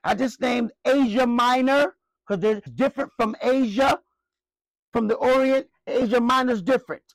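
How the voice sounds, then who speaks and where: A man preaching with a notably high voice, rising into loud bursts and then dropping to low, quiet asides. He keeps asking the congregation questions. The sound is dry, with no room echo. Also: steady tone, moderate pace. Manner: emphatic preaching with call-and-response questions. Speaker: pastor. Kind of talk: sermon.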